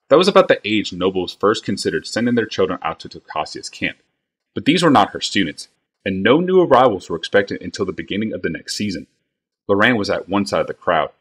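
A man's voice: sits low, a bit bright, husky. A man reading a fantasy novel aloud on a live stream, narrating evenly and unhurriedly.

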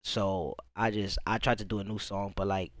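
A man's voice: on the low side, steady tone, normal speed, no room sound, poor audio. A young man reacting to his own music video, rambling in casual chat with lots of "bro" and "you feel me", swearing freely.

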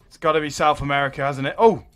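A young man giving excitable live gameplay commentary as a gaming YouTuber, swearing and exclaiming when things go wrong. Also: fairly high pitch, fast, faint music behind.

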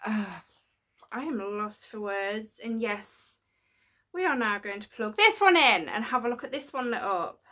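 A woman chatting to camera from her home studio as she unboxes gifts. Her voice is bright and fairly high, and she talks slowly. She gushes excitedly, and at times drops to a near whisper. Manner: gushing, excitable, breaks into squeals and whispers. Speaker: unboxing vlogger. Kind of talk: casual chat to camera.

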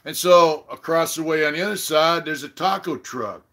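A middle-aged man talks through a rough, profane story in a casual live-stream chat. His voice sits a little high and comes out bright and forceful. He jumps into loud quotes of the people he argued with. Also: moderate pace. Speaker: channel host.

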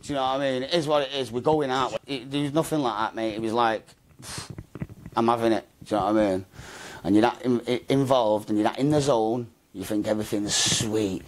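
A man's voice: mid-range voice, fairly even intonation, brisk, a little hiss or hum. A man telling his story in an interview, rambling and slangy, with a habit of repeating himself. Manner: rambling, slangy, repeats "mate" and "do you know what I mean". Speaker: interview guest.

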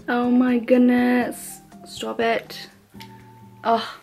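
Young woman vlogger, unhurried delivery, excitable and squealy over cute things, music bed underneath. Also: mid-range voice. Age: young adult. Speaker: unboxing vlogger. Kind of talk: casual unboxing chat. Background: background music.

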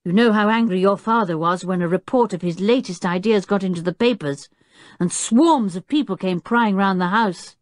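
A woman voicing a responsible, bossy older teenage boy who speaks in a brisk, commanding and scolding way. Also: mid-range voice, no room sound, clean studio sound, close to an everyday voice. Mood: stern.

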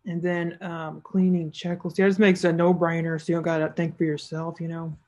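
A woman's voice: lowish voice, flat delivery, a little fast, warm tone, muffled recording. A woman narrating a screen-recorded tutorial as an online seller, casual and thinking aloud as she clicks through each step.

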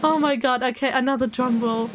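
A woman's voice: high-pitched, steady tone, a little fast, slight background noise. A woman streamer chatting live with her viewers, playful and dramatic, who breaks into giggles often.

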